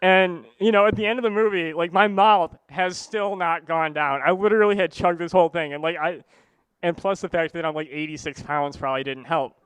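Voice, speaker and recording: A man's voice: a little high, steady tone, a little fast, a bit bright, clear, resonant tone, no echo. A man telling a funny personal story to a live audience in a casual, rambling way, full of "like" and "you know.". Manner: casual, rambling, heavy use of "like".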